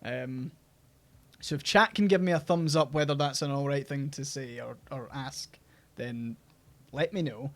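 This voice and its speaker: A young Scottish man hosting a game stream, chatting casually and halting with many restarts. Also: medium pitch. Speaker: streamer host. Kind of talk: casual chat while gaming.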